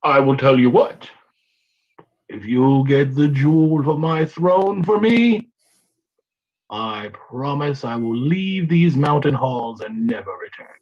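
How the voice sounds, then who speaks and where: A man's voice: medium pitch, animated, dull audio. A man voicing a whiny goblin king. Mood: whiny, imperious. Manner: whiny, drawn-out, self-pitying. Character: fat, lazy, scheming male goblin king.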